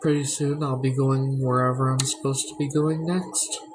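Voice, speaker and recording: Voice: medium pitch, fairly even intonation, moderate pace, background noise. A vlogger talking frankly and reflectively at home, swearing freely about their past. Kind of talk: candid personal vlog talk. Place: at home indoors.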